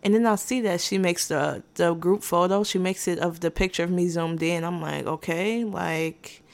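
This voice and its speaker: Dry, sarcastic woman with a lowish voice. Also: steady tone, normal speed, creaky. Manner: rambling with restarts and asides. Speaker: podcast host. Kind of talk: casual storytime monologue.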